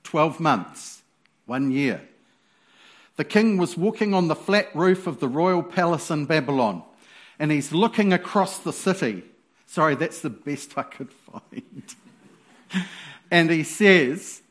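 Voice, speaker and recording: A male preacher with a high voice gives a sermon slowly and without hurry. He is animated and playful, breaking out now and then into sudden loud exclamations.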